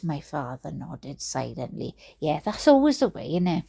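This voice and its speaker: A woman's voice: sits low, sing-song, normal speed, creaky, hardly any pauses, dark tone, breathy edge. A Welsh woman reading a book aloud, breaking off into giggly, chatty asides. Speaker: reader.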